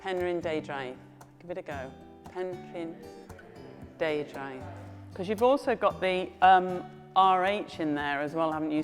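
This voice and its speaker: A woman teaching a beginners' language class, encouraging and repeating phrases slowly for learners to copy. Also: fairly low pitch. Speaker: Welsh language tutor. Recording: reverberant room with faint guitar music.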